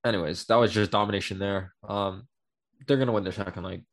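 A man co-hosting a casual football talk show, sharing quick, enthusiastic opinions. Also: on the low side, fairly even intonation. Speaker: co-host.

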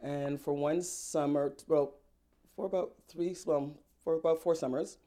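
An animated woman recounts her path as a singer, her voice jumping with laughter and playful acted-out quotes. She talks in a casual, unscripted interview manner. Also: sits low, moderate pace. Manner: lively, laughs often, acts out quotes. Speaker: singer-songwriter guest. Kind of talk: animated personal storytelling.

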